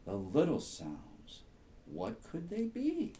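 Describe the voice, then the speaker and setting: A man reading a children's bedtime story, slow and soothing. His voice is mellow and dark, and it rises and falls a great deal as he tells the tale. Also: fairly high pitch, wildly swooping pitch, slight background noise.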